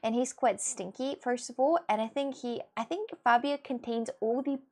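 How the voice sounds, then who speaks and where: Young woman, slightly high pitch, casual stream chat, fillers and restarts. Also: steady tone, moderate pace. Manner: rambling, many fillers and restarts, reads chat aloud. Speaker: livestreamer chatting with viewers.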